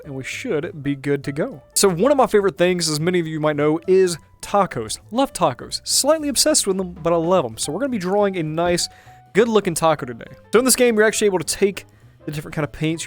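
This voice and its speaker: Animated and quick, with a voice on the high side, a gaming-channel host delivers casual, playful running commentary during gameplay. Faint music plays in the background.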